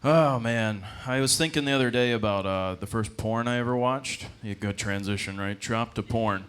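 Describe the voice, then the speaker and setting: A man's voice: medium pitch, moderate pace, a bit bright, clean tone. A young man doing a rambling, self-deprecating stand-up comedy set, full of fillers and laughing at his own jokes. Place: comedy club stage.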